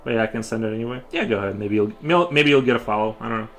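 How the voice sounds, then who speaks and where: This man talks rapid-fire in a medium pitch with a fairly bright tone. He's on a casual live stream from his home studio, drawing as he rambles, often restarting and using fillers.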